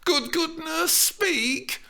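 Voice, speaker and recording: A man voicing an excitable young woman acting Juliet, screeching and nagging. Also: very high voice, very slow, vocal fry, pitched above the performer's own voice, full character voice. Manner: screeching, impatient.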